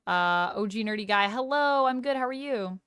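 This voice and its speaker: On a livestream, a woman from Canada reads viewers' chat aloud and talks back, trying phrases with a light laugh. Her voice runs on the high side at normal speed, a bit bright and clean, recorded dry in studio quality.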